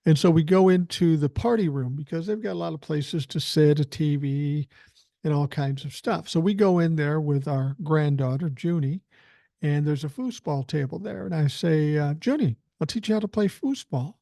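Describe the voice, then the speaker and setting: A man's voice: on the high side, normal speed, creaky, mellow, no room sound, studio quality. A man in his sixties hosting a podcast, telling a rambling, chatty story with filler words while feeling unwell. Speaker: podcast host. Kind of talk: casual storytelling.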